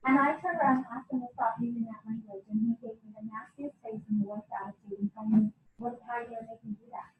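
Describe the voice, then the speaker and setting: A woman's voice: fairly high pitch, steady tone, fast, narrow, tinny audio. A middle-aged woman and homeschooling parent, talking candidly to a group in a chatty way and laughing often. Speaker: homeschooling parent sharing her story. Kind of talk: casual talk to a group. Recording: echoey room, mic at a distance.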